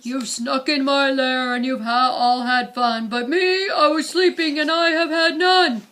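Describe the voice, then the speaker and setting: A woman voicing a big, grumpy bear who complains loudly about missing the fun. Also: high-pitched, measured pace. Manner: loud, complaining.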